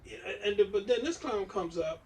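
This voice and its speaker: Male co-host, high and animated, emphatic, distant mic. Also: a little fast. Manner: repeats himself, emphatic, stumbles on words. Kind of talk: casual opinion chat.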